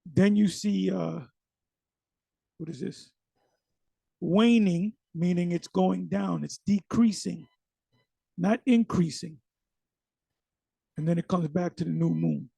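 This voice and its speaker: A man's voice: high-pitched, slow pace, creaky, pauses often, mellow, breathy edge, no echo. A man giving casual, emphatic commentary on a sermon video. He often repeats words and uses slang.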